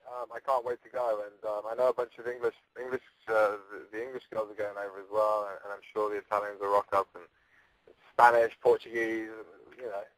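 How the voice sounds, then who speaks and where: A man's voice: fairly low pitch, little pitch movement, fairly quick, rough recording. A man talking casually as an interview guest, rambling and joking, with frequent restarts and laughs. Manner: rambling, jokey, stammers and restarts. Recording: radio call-in.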